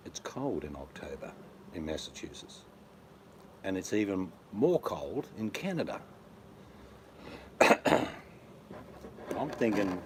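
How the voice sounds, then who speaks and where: A rambling, joking man with a very deep voice tells travel stories in a relaxed chat. A faint hiss sits under the recording. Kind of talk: casual chat.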